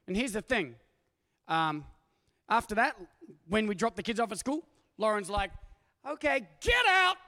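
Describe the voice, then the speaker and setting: A middle-aged man, preaching a sermon as a pastor and telling stories in an animated way, acting out quoted voices. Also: high voice, normal speed, pauses often. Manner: animated storytelling with acted-out voices. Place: church auditorium. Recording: long hall reverb from a church.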